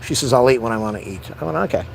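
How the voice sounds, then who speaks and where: A man's voice: mid-range voice, racing, creaky, a little hiss or hum. A middle-aged man venting in a rambling, frustrated casual monologue on a live stream.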